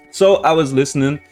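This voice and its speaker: A man's voice: on the high side, a little mellow. A man hosting a reaction channel, telling a story to viewers in a rambling way, swearing often and restarting sentences.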